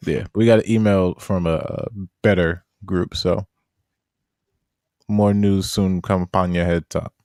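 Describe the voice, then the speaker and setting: A man's voice: deep voice, fairly even intonation, measured pace, long pauses, a little mellow, no echo, studio quality. A man co-hosting a podcast in casual chat, laid-back and rambling with many fillers. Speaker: podcast co-host.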